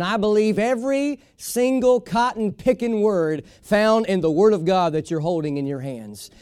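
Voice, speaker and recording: A man's voice: sits high, darkish tone, smooth, no room sound, studio quality. A man preaching a sermon as a pastor, emphatic and folksy, repeating his key lines for weight.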